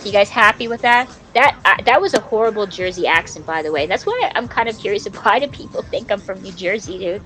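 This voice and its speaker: A woman's voice: medium pitch, expressive, fairly quick, hardly any pauses, fairly bright tone, poor audio. A woman in her forties from Canada, rambling in casual, profane live-stream chat while she plays a game, saying dude a lot. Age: 40s.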